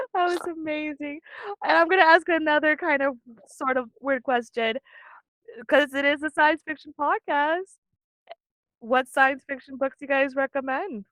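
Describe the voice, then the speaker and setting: A playful, bubbly woman interviewing guests on a podcast. Her voice sits high and is recorded close and dry, with no room sound. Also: fairly even intonation, measured pace, pauses often, fairly bright tone, dry recording, rough recording. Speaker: podcast host. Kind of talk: casual interview.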